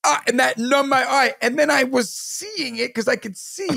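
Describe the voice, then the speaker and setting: High, gravelly man. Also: normal speed, dry recording, clean studio sound. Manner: animated, acts out quoted voices in a vivid retelling. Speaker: podcast host. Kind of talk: casual storytelling chat.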